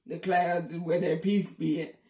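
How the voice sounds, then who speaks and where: A man's voice: fairly high pitch, little pitch movement, normal speed, warm tone, far from the mic. Goofy guy clowning in a casual vlog, says stuff twice, roomy echo. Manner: playful, repeats himself, teasing. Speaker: vlogger. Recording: echoey room.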